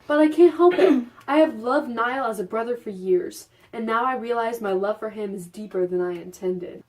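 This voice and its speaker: A young woman reads cheesy fanfiction aloud with exaggerated drama, her voice sitting at an ordinary middle pitch. She keeps cracking up between lines, giggling through the melodrama. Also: a little mellow, recorded from a distance, poor audio. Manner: giggly, over-the-top reading, breaks into laughter. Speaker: host. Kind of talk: dramatic reading of fanfiction with laughter.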